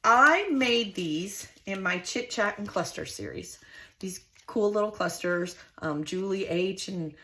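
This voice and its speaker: A middle-aged woman who runs a scrapbooking channel chats homily and directly to her viewers while working at her craft desk in a casual tutorial. Her medium-pitched voice is bright, forceful and expressive, and she speaks at a measured pace.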